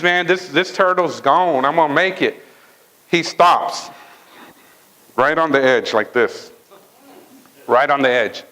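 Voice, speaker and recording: A man giving a motivational talk at a sales training event, telling a fable in a lively way and often checking in with the audience. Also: a little high, rough recording. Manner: lively storytelling, checks in with "right?" and "okay?".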